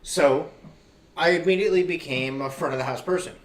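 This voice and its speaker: A man hosting a casual interview show, telling a story in a profane, animated way. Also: on the high side, brisk, echoey room, recorded from a distance, slight background noise. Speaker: host.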